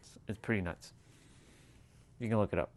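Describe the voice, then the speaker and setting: Man, low-pitched, casual livestream chat, rambling, profane, laughs a lot. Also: fairly quick. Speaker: livestream host.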